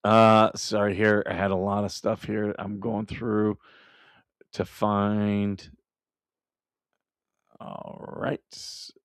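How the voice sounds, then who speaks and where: A man's voice: fairly low pitch, little pitch movement, drawn-out words, long pauses, smooth, no room sound, clean studio sound. A man hosting a live stream, ranting and laughing as he comments, with many restarts. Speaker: livestream host.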